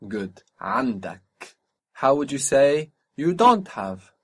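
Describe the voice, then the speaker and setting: A man's voice: medium pitch, very animated, slow pace, slightly rough. A man teaching a spoken language lesson, patiently asking for phrases, repeating each answer back and explaining pronunciation.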